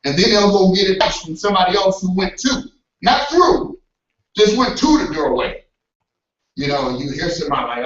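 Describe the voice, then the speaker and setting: A high-pitched male preacher speaking AAVE gives an animated motivational sermon at a moderate pace, acting out voices and shouting. He is recorded from a distant mic in an echoey church hall, with dull sound and a little hiss or hum.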